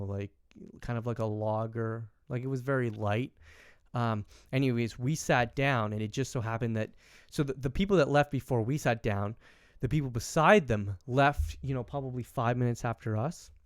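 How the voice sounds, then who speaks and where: A young man from Canada telling a story in casual podcast chat, rambling with many fillers and animated quoting. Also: mid-range voice, moderate pace, smooth, no echo, studio quality. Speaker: podcast host.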